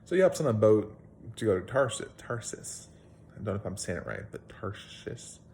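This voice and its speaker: A man's voice: on the low side, huge pitch swings, moderate pace, gravelly, darkish tone, a little hiss or hum. A young man, a video blogger, casually retelling a Bible story at home in a plain-spoken, rambling way with fillers.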